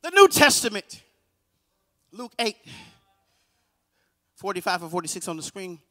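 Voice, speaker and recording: High, bright-voiced man preaching a sermon. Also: very animated, measured pace, big-room sound. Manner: call-and-response preaching, shouting and half-singing. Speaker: guest preacher. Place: church sanctuary.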